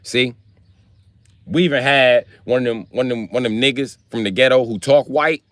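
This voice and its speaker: A man's voice: medium pitch, normal speed, no echo, clean studio sound. A man on a live stream telling profane, slangy comedic stories in a casual rant. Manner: profane, animated, slangy storytelling.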